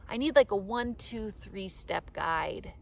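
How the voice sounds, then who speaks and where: A woman's voice: mid-range voice, expressive, takes it slowly, vocal fry. Woman doing her earnest unsure guy friend, pleading, pretty much her own voice. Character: sincere, self-doubting male friend.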